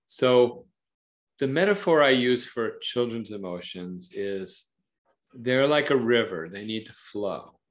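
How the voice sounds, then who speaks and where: A psychologist guest in an interview, this man of average pitch speaks slowly, explaining ideas thoughtfully and conversationally with metaphors. He animates them by acting out the quoted voices of parents and children.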